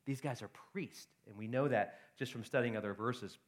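A man's voice: mid-range voice, moderate pace. A man preaching a sermon in a conversational way, often checking in with the congregation by asking "right?". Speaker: pastor.

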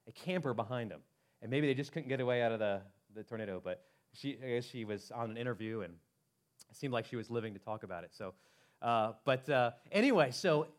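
A man preaching a sermon as pastor, animated and conversational, acting out quoted voices with frequent restarts. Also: medium pitch.

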